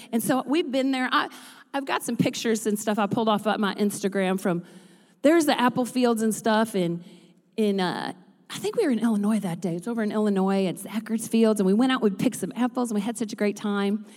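A woman pastor preaches in a large church, her high voice carrying a long hall reverb. She moves between relaxed, joking asides to the congregation and loud, rhythmic runs of preaching. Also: a little fast. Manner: builds to loud rhythmic preaching, then drops to chatty asides. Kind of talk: sermon. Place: church sanctuary.

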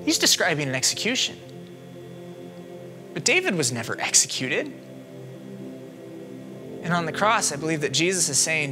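A man preaching a sermon as a minister, moving from hushed reflection to loud, pleading questions. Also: a little high, very animated, moderate pace, pauses often, faint music behind.

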